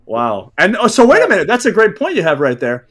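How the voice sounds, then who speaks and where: High-pitched man, very animated, mocking and incredulous. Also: brisk. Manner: loud, incredulous, swears a lot. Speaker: co-host. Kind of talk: casual comedic banter.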